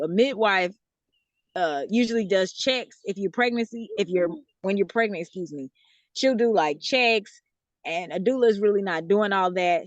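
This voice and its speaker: A woman's voice: on the low side, dry recording, lo-fi sound. Chatty Southern woman, dry close sound. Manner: chatty, laughs often, explains with many fillers. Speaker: guest author. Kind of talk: casual interview answers.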